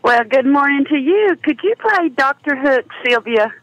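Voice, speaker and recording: A woman's voice: sits high, expressive, normal speed, crowd noise. A woman calling in to a radio show, giving short, hesitant answers over a muffled phone line. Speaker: caller.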